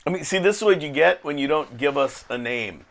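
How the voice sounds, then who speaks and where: A man's voice: a little high, expressive, brisk, gravelly, a bit bright. A man playing a tabletop game, joking and narrating his character's actions. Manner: laughing, jokey, narrates actions. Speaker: player. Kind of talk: casual tabletop game chat.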